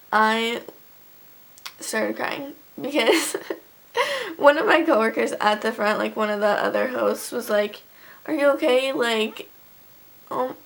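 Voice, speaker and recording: A teenage girl vlogger with a slightly high, somewhat bright voice tells a storytime in a rambling, casual way. She fills every phrase with "like" and swears freely.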